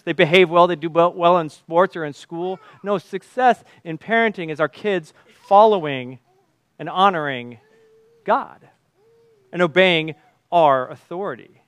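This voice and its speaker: A fairly high-pitched man delivers a sermon in an animated storytelling way, laughing lightly through his anecdotes. The sound is dry and close, with no room echo. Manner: lively storytelling with chuckles. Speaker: preacher.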